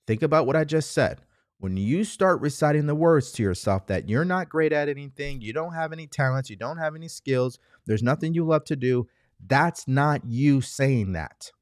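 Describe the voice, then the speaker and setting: A man's voice: fairly high pitch, expressive, normal speed, no room sound, studio quality. A man giving an emphatic motivational talk, full of rhetorical questions and repeated phrases. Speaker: motivational speaker. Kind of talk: motivational monologue.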